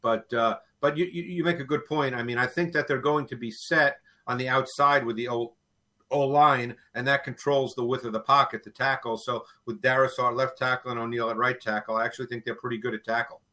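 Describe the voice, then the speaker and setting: A man's voice: mid-range voice, fairly even intonation, brisk, pushed and bright. A man who analyzes football in a casual talk, thoughtful, often repeating words as he starts a sentence.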